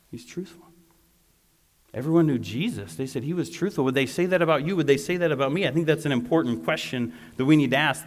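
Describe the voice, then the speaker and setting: A man preaching a lively, conversational sermon as a youth pastor, often turning aside to talk to the listeners. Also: fairly high pitch, long reverb tail.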